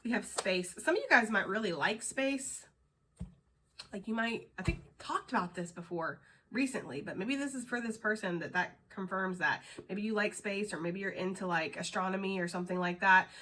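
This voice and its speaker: A woman's voice: medium pitch, lively intonation, normal speed, sharp tone. A woman giving a casual tarot reading to her viewers, rambling and chatty with lots of fillers and casual swearing. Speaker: tarot reader.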